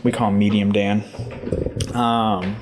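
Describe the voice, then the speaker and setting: A man's voice: on the low side, level tone, slow, background noise. A man hosting a podcast, chatting casually with loose swearing and jokes. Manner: laid-back, swears casually, joking. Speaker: podcast host.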